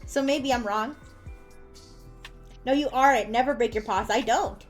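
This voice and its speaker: A high-pitched woman talks casually on a live stream while drawing. She rambles, breaks off and restarts her sentences, and laughs easily. Soft music plays faintly under her voice. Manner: chatty and rambling, quick laughs, frequent restarts.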